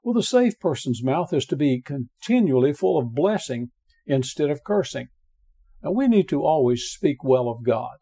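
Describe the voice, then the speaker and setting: A man preaching a verse-by-verse Bible sermon, reading scripture aloud and hammering home key words with earnest repetition, with frequent pauses and restarts. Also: on the high side, very animated, mellow, husky. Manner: earnest, reads scripture aloud and stresses single words by repeating them; halting, with frequent uh fillers and restarts.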